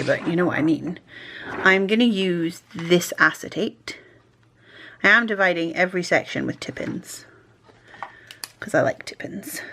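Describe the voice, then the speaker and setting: A woman talks through her crafting in a casual vlog, with a chatty, self-mocking manner. Her voice sits a little low and carries a gravelly fry. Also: a bit bright, a little hiss or hum. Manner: chatty and self-deprecating, talking to herself as she works. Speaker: stationery vlogger. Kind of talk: casual chat while crafting.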